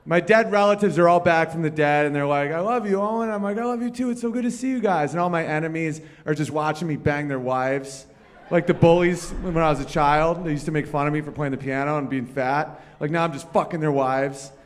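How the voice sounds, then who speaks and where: A man doing stand-up comedy on a live stage, talking with the crowd and rambling through loose, profane stories. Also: fairly high pitch.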